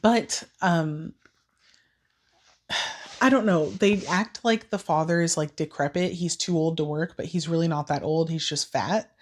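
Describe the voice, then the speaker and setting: A woman with a slightly low, scratchy voice rants her way through a book recap for her vlog. She talks casually and swears freely, now and then slipping into exaggerated voices for the characters. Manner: animated, profane, acts out characters in quick quoted voices. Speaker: book vlogger.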